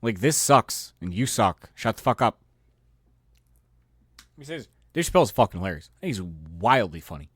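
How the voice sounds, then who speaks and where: A man with a somewhat low voice rants on his own show, swearing freely and sounding fed up. He trips over his words and repeats them as he restarts his thoughts. The sound is dry and close. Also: sing-song, normal speed, long pauses, fairly bright tone, breathy edge, no room sound. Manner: exasperated, riled-up delivery. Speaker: podcast host. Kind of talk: casual profane rant.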